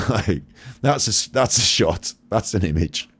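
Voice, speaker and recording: A man's voice: on the low side, lively intonation, unhurried, a bit bright, slightly rough. A man streaming casual commentary over a video clip, chatty, laughing and swearing.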